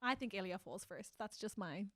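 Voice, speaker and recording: A woman co-hosting a comedy podcast in casual chat, excitable and quick to laugh. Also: medium pitch, dry recording, clean studio sound. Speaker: podcast co-host.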